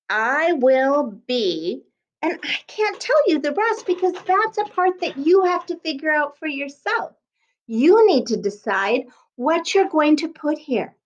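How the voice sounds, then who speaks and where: A woman teaching a kindergarten class by video, speaking slowly in a sing-song way and sounding out words letter by letter. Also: high-pitched, highs cut off. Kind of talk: remote lesson for young children.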